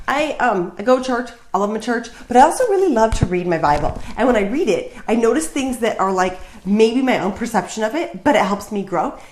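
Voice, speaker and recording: A woman's voice: a little high, animated, fairly quick, few pauses, a little mellow, slight background noise. Chatty woman in a roomy echo. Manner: chatty and jokey, many fillers. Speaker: vlogger sharing Bible reflections. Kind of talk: casual chat to camera.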